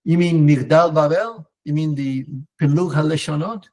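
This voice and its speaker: A man teaching an online Torah class, talking in a lively, digressive way with many restarts and fillers and mixing in Hebrew terms. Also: a little high, normal speed. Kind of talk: animated live online lecture answering viewer comments.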